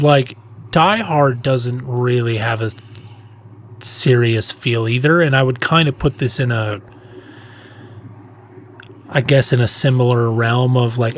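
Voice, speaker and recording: Chatty man in mid pitch, casual podcast. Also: steady tone, a little hiss or hum. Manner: chatty, playful, quick to joke. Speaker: podcast co-host. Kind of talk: casual film discussion.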